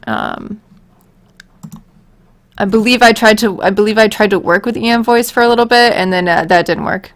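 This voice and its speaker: A woman's voice: medium pitch, moderate pace, long pauses. A woman on a casual live stream who mutters to herself while she works and answers chat questions. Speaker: voicebank creator streaming.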